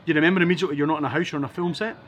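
A Scottish man from Edinburgh, a podcast guest telling animated anecdotes with wry asides. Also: on the high side, rapid-fire. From Scotland, Edinburgh. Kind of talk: casual storytelling interview.

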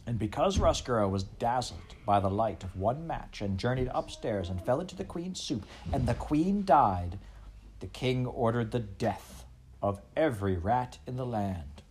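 A man reading a children's novel aloud, a measured storyteller who often speaks straight to the listener. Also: medium pitch, lively intonation, a little mellow, a little hiss or hum. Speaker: audiobook narrator.

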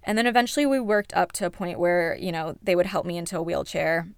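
A young woman speaks frankly and emotionally about a hard time in her life, swearing now and then. Her voice sits low with a gravelly fry. The recording is close and dry, with no room sound. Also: fast talker, no room sound. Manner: candid, emotional, swears freely. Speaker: accident survivor telling her story. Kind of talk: personal storytelling to camera.

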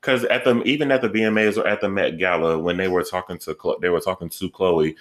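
Deep-voiced man, rambling and cursing. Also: steady tone, fast, a bit bright. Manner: loose, rambling, heavy swearing. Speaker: podcast co-host. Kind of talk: casual pop-culture chat.

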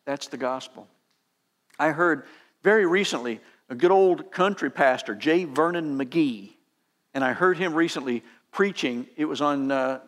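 A man, a pastor, preaching a sermon with emphatic exhortations that rise in pitch.

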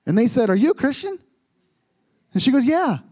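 High-voiced young pastor preaching. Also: male voice, sing-song, fairly quick, darkish tone, breathy edge. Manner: earnest, storytelling, repeats words for emphasis. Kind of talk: sermon.

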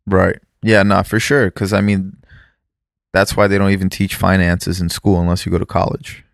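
A man's voice: low voice, flat delivery, moderate pace, creaky, no echo, clean studio sound. A man who immigrated to the US, chatting casually and rambling, correcting himself and swearing offhand. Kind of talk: casual podcast chat.

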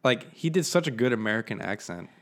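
A man's voice: medium pitch, animated, fast, a bit bright. A man co-hosting a podcast in casual chat, chatty and playful. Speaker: podcast co-host.

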